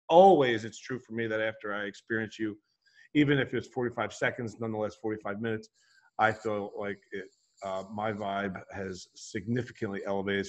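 A man's voice: mid-range voice, a bit bright. A man hosting an interview podcast, upbeat and loose, laughing often and using casual slang. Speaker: podcast host.

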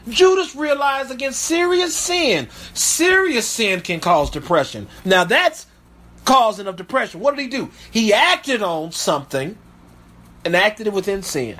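A man's voice: very high voice, very animated, measured pace, a bit bright. A man preaching as a pastor, reading Bible verses aloud and breaking off to comment with emphatic asides. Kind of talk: sermon with scripture reading.

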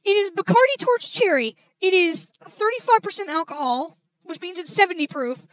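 A young woman, tipsy from drinking, commenting loudly on a game she is playing, swearing and yelling at it as she goes. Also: extremely high pitch, expressive, normal speed, low-quality recording. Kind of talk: let's play commentary while drinking.

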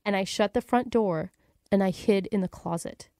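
A woman's voice: medium pitch, moderate pace, a little mellow, no echo, studio quality, close to an everyday voice. A woman radio host playing a dramatic, gossipy ex-wife on a prank call, telling her story breathlessly.

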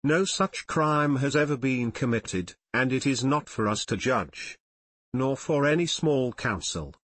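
In this audiobook, a stern elder council leader, as a man reads him, passes judgement in a cold, scornful and measured way. His husky voice sits a touch low and is recorded close and dry, with no room around it. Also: lively intonation, a bit bright, no echo. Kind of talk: audiobook character reading.

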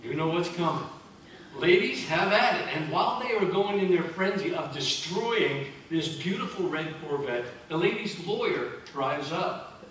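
Pastor, male, high voice, emphatic and conversational, recorded from afar in an echoey church. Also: expressive, moderate pace, a bit bright. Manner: conversational, emphatic preaching with repeated phrases. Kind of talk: sermon. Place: church sanctuary. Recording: very echoey church from a distance, faint noise.

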